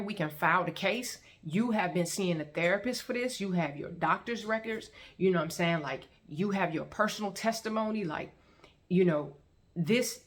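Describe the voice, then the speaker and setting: A woman telling her personal story as testimony, in an animated, repetitive storytelling manner. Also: mid-range voice. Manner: animated storytelling with repeated phrases and acted-out quotes. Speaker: testimony vlogger.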